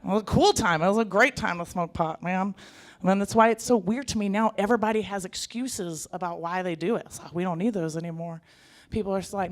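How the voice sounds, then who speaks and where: Animated woman doing stand-up. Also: medium pitch. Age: 30s. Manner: animated, jokey, quick shifts into put-on voices. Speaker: stand-up comic. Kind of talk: stand-up comedy set.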